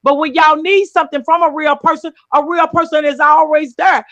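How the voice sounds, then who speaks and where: A woman's voice: sits high, fairly even intonation, normal speed, a bit bright, no room sound, muffled recording. A woman co-hosting a live stream, talking earnestly and repeating her points in casual chat. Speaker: co-host.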